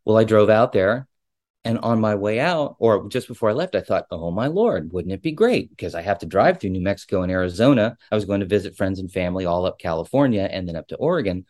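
A ship captain telling a personal story in a casual, digressive and openly emotional way. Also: male voice, on the low side, fast talker, a little mellow, dry recording, studio quality.

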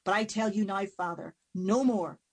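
A woman voicing an ancient hooded male fairy fiddler who speaks slowly with cold menace. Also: mid-range voice, darkish tone, breathy edge. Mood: menacing.

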